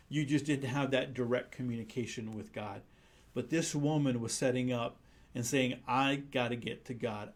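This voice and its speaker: A man preaching a conversational sermon, earnest and full of restarts. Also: medium pitch. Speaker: pastor.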